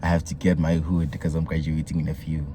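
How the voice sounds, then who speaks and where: A young South African man telling a story in a casual vlog, excitable and mixing slang with local words. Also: a bass voice, brisk, slight background noise. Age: young adult. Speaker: vlogger.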